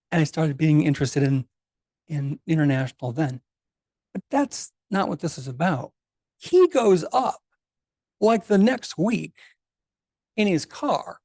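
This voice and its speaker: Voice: medium pitch, a little mellow, no room sound. Older speaker telling a rambling memorial story. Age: 60s. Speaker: photographer giving a memorial tribute. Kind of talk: memorial speech, anecdotal storytelling. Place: meeting house.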